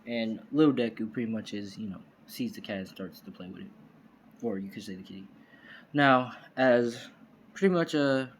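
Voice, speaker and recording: A man's voice: medium pitch, moderate pace, slight background noise, rough recording. A man improvising a fan story aloud, rambling with many fillers and restarts, recorded on a phone. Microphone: phone screen recorder.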